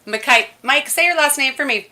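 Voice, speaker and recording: A woman's voice: sits high, normal speed, pushed and bright. A woman co-hosting a live music show, a local musician, bubbly and giggly as she chats. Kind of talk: casual live show chat.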